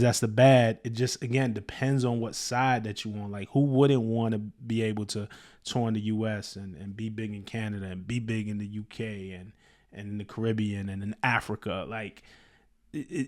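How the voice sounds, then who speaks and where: Low-voiced man breaking down rap lyrics. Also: darkish tone. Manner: conversational, many fillers, reads lyrics aloud and explains them. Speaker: host, music commentator. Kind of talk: casual reaction commentary.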